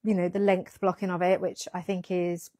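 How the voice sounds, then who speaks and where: A woman's voice: fairly low pitch, little pitch movement, normal speed, a little mellow, no echo. A woman hosting a casual livestream, chatting with viewers and reading their comments. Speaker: yarn shop owner hosting a packing livestream. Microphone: pinned lapel mic.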